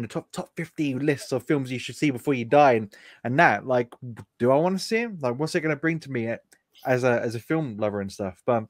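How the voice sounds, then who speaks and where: A man's voice: fairly high pitch, no echo. Man chatting casually, dry close sound. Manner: filler-heavy, says "like" constantly. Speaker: podcast panelist. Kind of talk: casual chat.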